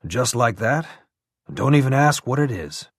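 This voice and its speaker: A man's voice: mid-range voice, animated, unhurried, dry recording, clean studio sound. A man voicing a brusque older army colonel who talks in clipped, blunt commands with a dusty, throaty voice.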